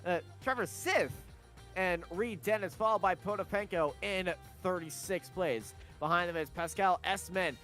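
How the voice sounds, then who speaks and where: A man commentating a sim race, calling qualifying and reading off the starting grid in brisk play-by-play. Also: high-pitched, steady tone, fairly bright tone, faint music behind.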